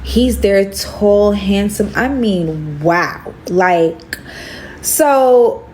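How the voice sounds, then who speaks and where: With a darkish tone and drawn-out words, a young woman tells a casual, slangy storytime over slight background noise. She acts out the lines of dialogue, her pitch suddenly jumping up.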